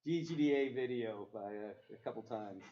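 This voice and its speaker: Brief: relaxed male moderator, dull lo-fi audio, faint background noise. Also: lowish voice, normal speed. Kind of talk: casual panel chat.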